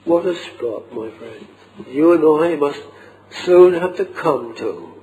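Slow, mellow-voiced man preaching. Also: on the high side, animated, rough recording. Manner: slow, earnest, archaic King James phrasing. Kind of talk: old-fashioned sermon.

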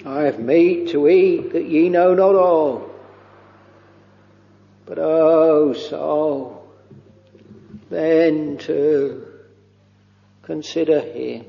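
A man preaching a devotional sermon, very slow and halting, with long pauses and soft trailing phrases. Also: on the high side, vocal fry. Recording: dull lo-fi recording with long hall reverb.

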